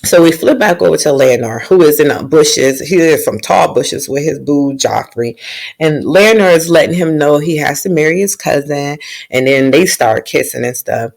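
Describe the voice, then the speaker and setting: A woman's voice: low-pitched, animated, moderate pace, gravelly, darkish tone. A woman casually recapping a TV episode in a slangy, joking way with plenty of swearing. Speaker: TV show recapper.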